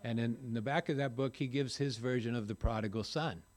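A man's voice: medium pitch, brisk. An older man speaking at a recovery meeting, telling folksy, rambling stories with self-deprecating humor. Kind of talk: personal recovery talk to a group.

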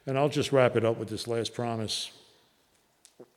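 Man with a New Jersey accent, earnest meeting speaker, halting with fillers, mid-pitched, long hall reverb. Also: steady tone. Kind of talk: personal storytelling talk.

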